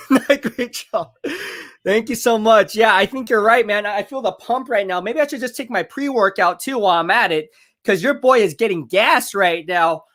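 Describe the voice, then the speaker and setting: A high-voiced man hosting a live stream, talking in a hyped, chatty way and reading out comments from viewers. He sounds a little out of breath, as if he is exercising while he talks. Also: a bit bright. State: out of breath from curls. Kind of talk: live draft watch party, reading chat.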